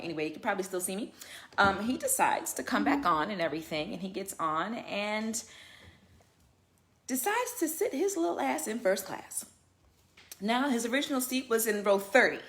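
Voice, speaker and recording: During a casual livestream, a flight attendant tells a story in her mid-range voice. She's emphatic and animated, laughing often.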